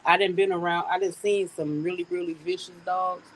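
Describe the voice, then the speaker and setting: A woman's voice: fairly low pitch, fairly even intonation, fairly quick, a crowd in the background, poor audio. A middle-aged woman hosting a casual outdoor live stream on her phone, chatting to viewers and laughing often. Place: outdoors in a yard. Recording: faint outdoor noise with crickets.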